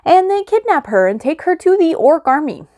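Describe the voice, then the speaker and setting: A woman's voice: very high voice, big pitch swings, moderate pace, dark tone, no echo, studio quality. A woman chatting casually in a reading vlog, rambling and gushing as she retells a book's plot. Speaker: book vlogger.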